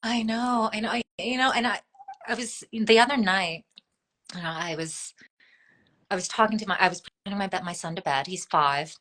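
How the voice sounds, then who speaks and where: A woman's voice: medium pitch, moderate pace, fairly bright tone. A woman in her thirties, a guest in a conversational interview, talking in a thoughtful, meandering way with many fillers and restarts.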